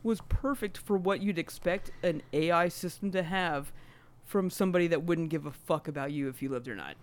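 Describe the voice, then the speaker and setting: A man's voice: on the high side, a little fast. A man co-hosting a podcast in casual chat, blunt and sarcastic with plenty of swearing. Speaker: podcast co-host.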